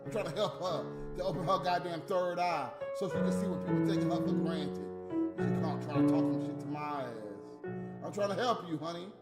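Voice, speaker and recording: A man delivering a heated, profane, scolding rant on a livestream, with loud bursts. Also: on the high side, fairly even intonation, brisk. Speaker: livestream host. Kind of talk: unscripted ranting monologue. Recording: echoey room with faint music.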